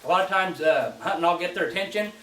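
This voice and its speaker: A relaxed, folksy man with a high voice walks through goose-calling technique, often starting his phrases over. He sounds set back from the mic in an echoey space. Faint clicks sit behind him. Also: quick pace, distant mic, slight background noise. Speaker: goose call instructor. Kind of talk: casual spoken demonstration.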